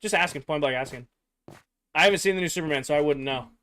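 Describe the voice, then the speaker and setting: A man's voice: a little high, fast talker, fairly bright tone. A young man streaming a game, chatting casually with viewers, rambling with lots of filler words and losing his voice a little. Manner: rambling, filler-heavy, answering chat. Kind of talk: casual livestream chat with viewers.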